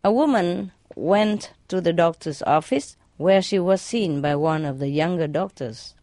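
A woman's voice: fairly low pitch, a little mellow, dry recording, studio quality. A woman reading jokes aloud in a casual way, laughing at her own punchlines. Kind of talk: casual joke telling.

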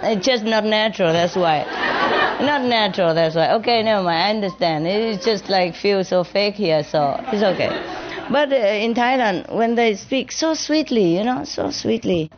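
A woman's voice: mid-range voice, animated, moderate pace, crowd noise. A woman teacher speaking informally to an audience, playful and laughing often, sometimes imitating accents. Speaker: spiritual teacher answering an audience. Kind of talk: informal gathering talk with audience. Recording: muffled recording with audience and noise.

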